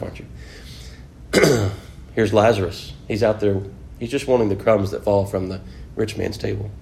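A man's voice: lowish voice, gravelly, a little mellow, a little hiss or hum. A man preaching an informal Bible lesson, chatting with his class, asking them questions and filling in with "you know". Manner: conversational, asks the class questions, many "you know" fillers.

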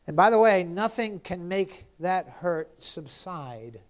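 Man, preacher, high-pitched, impassioned sermon delivery, loud then hushed. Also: animated, slow pace. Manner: impassioned preaching, rising to cries then dropping to hushed appeals. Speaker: pastor.

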